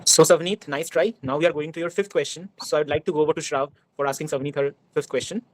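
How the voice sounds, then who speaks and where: A young Indian man with a slightly high voice moderates at breakneck speed. He hands each turn over in brisk, formal phrases. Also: fairly even intonation, no echo. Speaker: quiz moderator.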